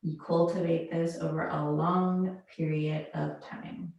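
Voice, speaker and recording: A woman leads a yoga class, cueing each pose and breath in a slow, unhurried way. Her voice rings out in a strongly echoing room. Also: deep voice, level tone, a little mellow, lo-fi sound. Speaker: yoga instructor. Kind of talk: guided yoga class instruction. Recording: very echoey room.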